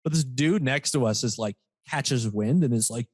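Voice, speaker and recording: A man co-hosting a comedy podcast, telling stories in casual chat, animated and swearing freely as he mocks people. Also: medium pitch, normal speed, dry recording, clean studio sound. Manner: animated storytelling, swears freely, mocking impressions. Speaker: podcast co-host.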